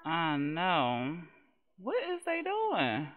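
A woman giving casual, slangy commentary on her life-sim game, talking to the characters and cussing in an animated way. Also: low voice, extremely slow, phone-quality sound, slight background noise. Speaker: let's play host.

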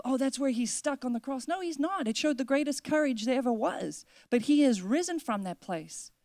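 Emphatic woman pastor preaching, higher voice. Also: a little mellow, dry recording, studio quality. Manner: emphatic preaching with repeated declarations, slowing for weight. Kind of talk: sermon. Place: church.

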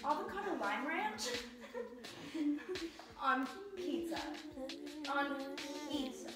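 A woman's voice: high-pitched, big pitch swings, unhurried, over a noisy crowd. A young woman vlogger chatting and giggling with friends while eating. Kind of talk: casual chat while eating. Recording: echoey room, distant mic.

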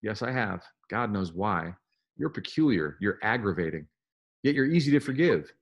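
A man's voice: fairly low pitch, sing-song, normal speed, husky, highs cut off, heavily acted. A man reading a novel aloud and voicing a guarded, troubled grown fireman who answers tersely in a subdued way. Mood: reluctant.

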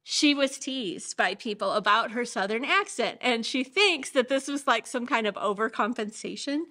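Bright-voiced woman recalling family. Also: fairly high pitch, moderate pace. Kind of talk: family anecdote.

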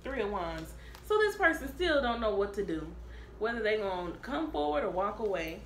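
A woman giving a casual tarot reading, blunt and profane, talking in an animated way. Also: mid-range voice, moderate pace, slight background noise. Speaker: tarot reader. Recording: echoey room with faint ambience.

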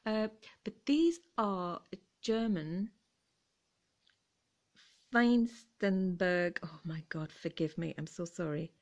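A woman's voice: on the low side, lively intonation, a little slow, a little mellow. A middle-aged woman chatting casually as she shows off her thrift haul, gushing over each find and apologizing for her pronunciation. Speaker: vlogger.

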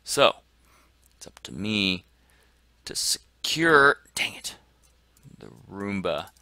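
A man commenting excitedly on his gameplay as a gaming channel host, dropping to whispers and bursting into shouts. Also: sits low, slow, dry recording. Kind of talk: let's play commentary.

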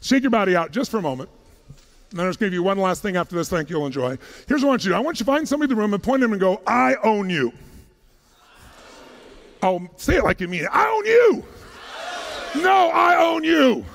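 High-voiced man firing questions from a stage. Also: lively intonation. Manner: punchy, fires rapid questions at the crowd; casual, jokey, a little profane. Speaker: motivational speaker. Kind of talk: energetic stage talk to a live audience. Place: large conference hall. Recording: long hall reverb.

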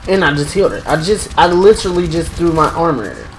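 A young man giving excitable live commentary while playing a game, exclaiming and talking to himself. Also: fairly high pitch, quick pace, a little hiss or hum, poor audio. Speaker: gaming streamer.

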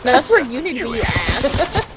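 A woman's voice: sits high, big pitch swings, a little fast, a loud crowd, low-quality recording. A young woman with a Southern US accent, streaming a game with friends and teasing them, swearing freely. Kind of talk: casual gaming chat.

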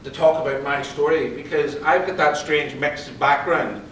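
A man giving a motivational talk to an audience, telling stories and quizzing the crowd in a lively way. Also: a little high, moderate pace, slight background noise. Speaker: conference speaker and psychologist. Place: event hall. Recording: roomy hall, distant pickup.

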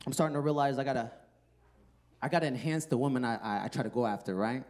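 Speaking quickly in a steady, mid-range voice with a slightly mellow quality, this thirtysomething comic works a club crowd through a handheld microphone. His set is loose and full of profanity, with plenty of crowd banter and laughter at his own material.

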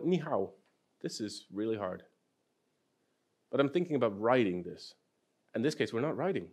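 A man presenting at a programming conference, talking at a middle pitch. His delivery is loose and conversational, with rhetorical questions to the crowd and wry asides. He sounds like a speaker thinking out loud on stage. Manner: dry, self-deprecating humor, asks audience questions. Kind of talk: technical conference talk. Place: conference hall.

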